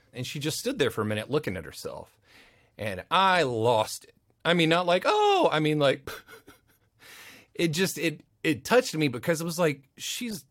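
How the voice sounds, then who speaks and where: A man, a voice actor, talks in a loose, rambling way during a relaxed interview, now and then dropping into playful little voices for the people he quotes. His voice sits at an ordinary male pitch. The studio sound is dry and close. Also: no room sound. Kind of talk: casual interview storytelling. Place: recording studio.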